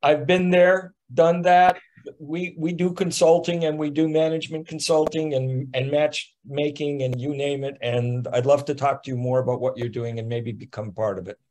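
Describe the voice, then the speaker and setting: A man's voice: on the high side, fairly even intonation, normal speed, a little mellow, rough recording. A man in the audience, a consultant, jumping in eagerly to ask to connect over a video call. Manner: eager, pushy interjections.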